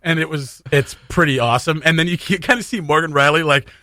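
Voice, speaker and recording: Bright-voiced Canadian radio host. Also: male voice, a little high, fast, no echo, clean studio sound. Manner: animated, laughs easily, acts out reactions. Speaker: radio morning show host. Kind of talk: casual banter.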